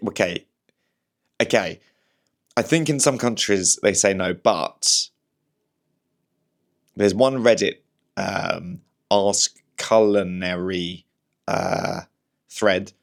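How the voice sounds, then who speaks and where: A young man from Slough with a fairly low, vocal-fried voice and a slightly posh southern English accent talks casually by himself. He's a comedian and podcast host whose chat is rambling and self-deprecating, dotted with fillers and restarts.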